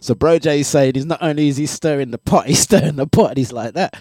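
A man hosting a breakfast radio show in casual live chat. He is animated, laughs often and repeats his phrases. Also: a little high, brisk, no room sound, studio quality.

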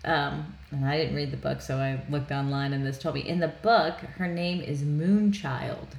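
A woman's voice: low voice, steady tone, moderate pace, creaky, echoey room, low-quality recording. A woman co-hosting a podcast, recapping a movie in casual chat, leaning on "like" and acting out scenes. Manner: chatty, leans on "like", acts out scenes. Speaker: podcast co-host.

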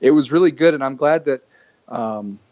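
A man's voice: medium pitch, moderate pace, a little mellow, no room sound. A young man from Canada, a podcast guest telling stories casually, rambling with restarts. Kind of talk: casual storytelling. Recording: dry muffled lo-fi audio.

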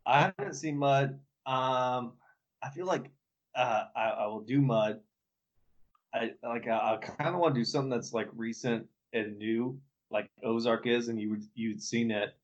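A man's voice: mid-range voice, moderate pace. A man co-hosting a podcast in casual chat, loose and profane, rambling with restarts. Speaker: podcast co-host. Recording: dull lo-fi podcast audio.

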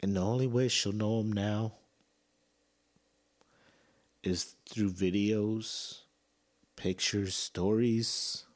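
A man's voice: fairly low pitch, fairly even intonation, very slow, pauses often. A man hosting a podcast, talking earnestly and emotionally in a personal monologue, with casual fillers and swearing. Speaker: podcast host.

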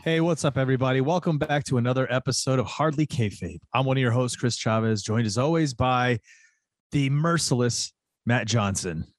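A man's voice: medium pitch, brisk, dry recording, faint music behind. A man co-hosting a casual wrestling podcast, talking loosely with restarts and fillers. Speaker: podcast co-host.

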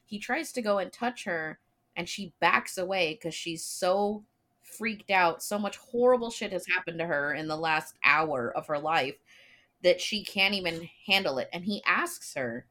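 A woman on a podcast breaking down a movie character's motives with blunt, swearing emphasis. Her voice sits lower than most women's, and she speaks in a steady, explanatory way. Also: moderate pace. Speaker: podcast co-host. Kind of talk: casual chat discussing a film.

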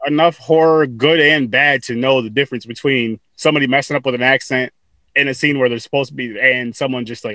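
A man's voice: medium pitch, steady tone, a little fast, bright, forceful tone, no echo. A man hosting a podcast, chatting casually with guests, laughing often and repeating words as he talks. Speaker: podcast host. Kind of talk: casual interview chat.

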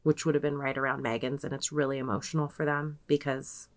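A young adult woman co-hosts a podcast in a rumbling low, level voice, speaking fairly quickly. She casually retells a story, scattering "like" throughout and quoting people in her own voice.

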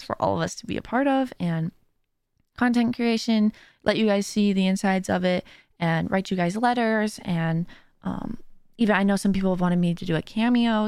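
A woman's voice: mid-range voice, a little mellow, smooth, no echo. A young adult woman hosting her own podcast, chatting casually and rambling with many fillers and giggles into a close mic. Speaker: podcast host and streamer. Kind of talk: casual chat. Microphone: speaking into a close mic.

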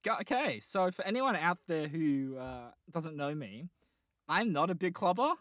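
Low-voiced joking woman. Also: sing-song, a little slow, dry recording. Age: 20s. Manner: dry, joking, self-mocking. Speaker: podcast co-host. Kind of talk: casual chat.

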